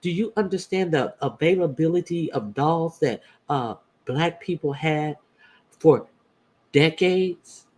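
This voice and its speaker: A slightly high-voiced man giving casual opinion commentary to his viewers. He is blunt and swears freely, stopping and restarting with lots of "uh" fillers between his points. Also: a little mellow. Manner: blunt and profane, halting with many "uh" fillers. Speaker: YouTube commentator host.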